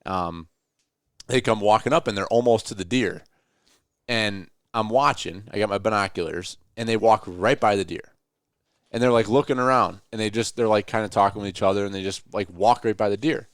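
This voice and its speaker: A man spins a hunting yarn at camp, his low voice jumping up whenever he acts out what someone said. The sound is dry and close, with no room around it. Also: brisk, no room sound. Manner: animated storyteller, acts out quotes with rising voice. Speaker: hunting podcast host. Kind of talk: casual storytelling around deer camp. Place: hunting cabin.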